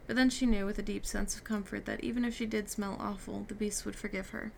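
A woman's voice: medium pitch, steady tone, fast, vocal fry, a little hiss or hum. A woman reading a novel aloud, giving the characters' lines light shifts. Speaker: reader. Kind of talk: audiobook reading with character dialogue.

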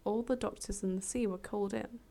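A woman reading a fable aloud as a storyteller, relaxed and chatty, with casual asides and self-corrections. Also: medium pitch, fairly quick.

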